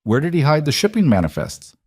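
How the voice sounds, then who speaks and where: A man voicing a calm, smooth mob interrogator in a suit, coldly menacing. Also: a little high, fairly quick, no room sound, pitched above the performer's own voice, full character voice.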